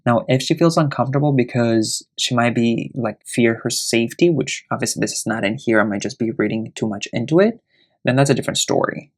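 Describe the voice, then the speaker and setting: Male host, casual podcast commentary, profane, indignant, average pitch. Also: fairly quick. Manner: blunt, profane, indignant ranting. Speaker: podcast host reading online stories. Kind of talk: casual commentary on read-aloud stories.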